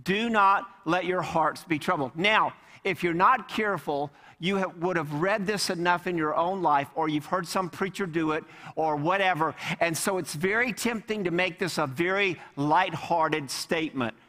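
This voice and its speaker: A male pastor with a fairly high voice delivers an emphatic sermon, leaning on repeated words and direct questions to the congregation. His voice rings out with a long reverb in a church sanctuary. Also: moderate pace, hardly any pauses, sharp tone. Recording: long reverb of a large hall.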